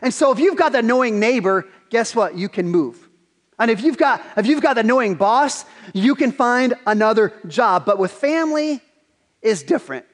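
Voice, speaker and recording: A man, a pastor giving a sermon in a church, telling stories in an animated way and often repeating his words. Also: very high-pitched, normal speed, long reverb tail.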